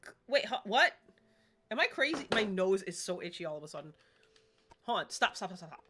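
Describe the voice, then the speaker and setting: A woman streaming a game live, chatting excitedly and rambling to herself as she plays. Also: medium pitch, fairly quick, a little hiss or hum.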